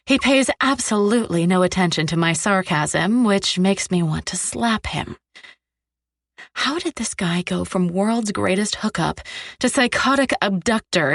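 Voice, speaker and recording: A woman narrating a dark romance audiobook in the first person, low, tense and sardonic. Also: gravelly, dry recording, studio quality.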